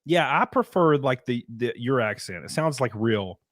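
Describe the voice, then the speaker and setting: A male podcast host in loose, raunchy banter, rambling and quick to laugh. His pitch swings widely as he talks, and the recording is close and dry with no room sound. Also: lively intonation, a bit bright, no room sound. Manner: rambling, crude, laughs easily. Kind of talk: raunchy casual chat.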